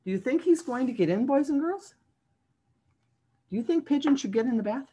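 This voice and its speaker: A woman who is a children's librarian, hosting a story time over a video call and talking warmly to young children. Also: sits high, animated, brisk, husky. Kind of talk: read-aloud story time for kids.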